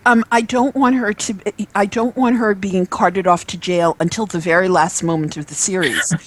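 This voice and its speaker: A woman's voice: medium pitch, steady tone, moderate pace, poor audio. A woman hosting a live video chat, talking with many hesitations and fillers. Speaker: host. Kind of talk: casual chat. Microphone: video call.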